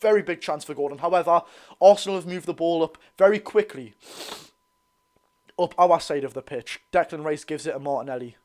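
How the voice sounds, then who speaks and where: A young man with a Geordie accent giving excitable, bantering live commentary on a football match while reading out viewer comments. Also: fairly high pitch, fairly quick, soft background music. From North East England. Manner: excitable, banter-filled, reads chat aloud. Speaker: football channel host.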